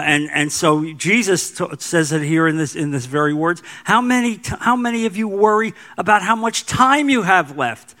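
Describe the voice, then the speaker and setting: A middle-aged man preaching a sermon as pastor, with emphatic repeated phrases and slow stressed lines. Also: high voice, sharp tone.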